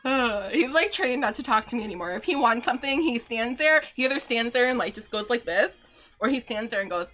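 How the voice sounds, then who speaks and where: A woman's voice: a little high, animated, a little fast, pushed and bright. A middle-aged woman streaming live from home, chatting casually, answering viewer questions and laughing often.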